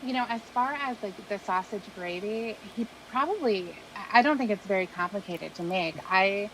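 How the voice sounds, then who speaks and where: A woman hosts a casual chat and explains things loosely, with many ums and likes. Her voice sits at a middle pitch, and a faint hiss runs underneath. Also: normal speed, poor audio. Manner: chatty, rambling explanations. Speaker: host.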